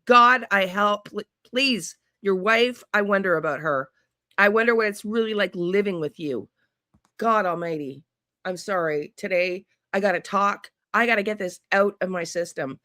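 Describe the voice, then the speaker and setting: A woman's voice: medium pitch, a little slow, pushed and bright, dry recording, studio quality. A woman hosting a true crime channel, ranting bluntly and sarcastically and swearing often. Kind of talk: angry profane rant to camera.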